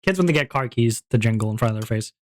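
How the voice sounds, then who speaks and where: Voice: mid-range voice, animated, fast, a little mellow, no room sound, studio quality. A streamer in casual stream chat, playful and rambling, with frequent giggles, talking into a home streaming mic.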